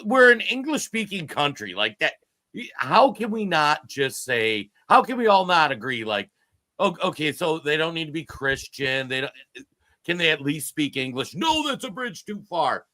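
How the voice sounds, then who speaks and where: A man's voice: a little high, very animated, normal speed, sharp tone, no room sound. A man co-hosting a political podcast, talking in an emphatic, exasperated way. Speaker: podcast co-host. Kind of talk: heated political podcast talk.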